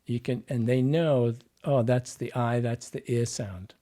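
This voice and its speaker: A man's voice: medium pitch, fairly even intonation, measured pace, dark tone. A man, a dialect coach and podcast guest, explaining at length like a teacher and acting out the sounds he describes. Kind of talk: explanatory interview talk.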